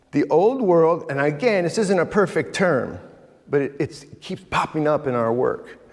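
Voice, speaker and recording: A man's voice: mid-range voice, a little mellow. A middle-aged man giving an emphatic talk to a men's retreat in a church, speaking straight to his audience. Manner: emphatic, addresses audience directly, acts out quoted voices. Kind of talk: animated inspirational talk. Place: large church hall. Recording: live talk in a reverberant hall.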